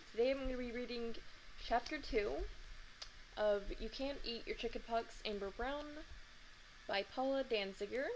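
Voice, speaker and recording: A woman's voice: a little high, slight background noise, low-quality recording. A young woman hosting a read-aloud of a children's book, adding chatty asides. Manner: chatty asides between reading.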